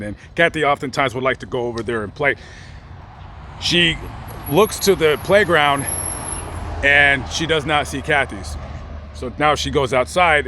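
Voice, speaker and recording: A man's voice: medium pitch, bright, forceful tone, slight background noise. A man hosting his own channel, telling a true story on location outdoors. He talks in a casual, conversational way, with restarts and asides to the listener. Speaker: host.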